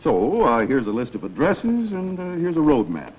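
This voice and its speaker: A man hosting a television game show in a lively, chatty, animated manner, recorded in a studio. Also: medium pitch, normal speed, breathy edge, dull audio. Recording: old noisy broadcast with studio audience.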